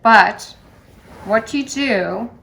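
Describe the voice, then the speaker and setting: A woman calmly walking through a sewing demonstration step by step, in a gentle sing-song teaching manner. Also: on the high side, extremely slow, vocal fry, slight background noise. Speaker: sewing instructor.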